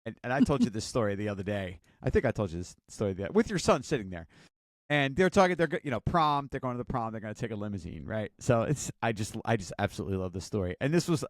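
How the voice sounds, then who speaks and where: A man's voice: lowish voice, big pitch swings, fast, no echo, studio quality. A middle-aged man co-hosting a podcast, telling a family story in casual chat with laughter. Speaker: podcast co-host.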